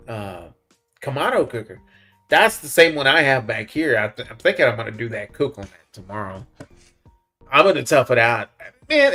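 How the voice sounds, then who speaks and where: A man's voice: mid-range voice, pushed and bright. A man, hosting a casual livestream, reading the chat in a laid-back way, chuckling often and calling people "man" and "buddy". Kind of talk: casual live-stream chat.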